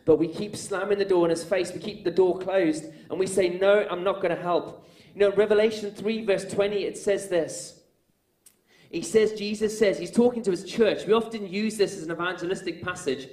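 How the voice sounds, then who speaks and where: A man preaches a sermon with a fairly high voice, spinning personal stories. He speaks earnestly and climbs to loud, emphatic high points. The sound rings around an echoey room. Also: steady tone, fairly quick. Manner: earnest storytelling that builds to loud, emphatic peaks.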